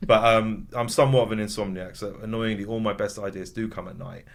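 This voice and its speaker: A man's voice: fairly low pitch, steady tone, fast, vocal fry. A man in casual podcast chat as a guest, telling stories in a rambling way full of fillers. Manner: rambling storyteller, many fillers.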